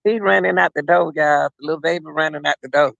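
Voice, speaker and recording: High-voiced chatty man on a livestream. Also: fairly even intonation, fast, creaky, fairly bright tone, no echo, muffled recording. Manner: rambling, chatty, keeps addressing viewers. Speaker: livestream host. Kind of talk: casual livestream chat.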